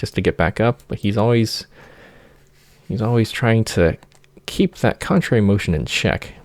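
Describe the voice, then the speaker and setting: A man giving an informal music theory lecture, singing motifs in nonsense syllables and pausing often with fillers. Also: on the low side, darkish tone, no room sound.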